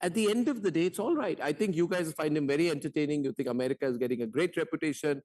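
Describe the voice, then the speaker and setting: A man's voice: a little high, quick pace, few pauses, darkish tone. A man anchoring a heated televised debate, combative and mocking, firing repeated rhetorical questions.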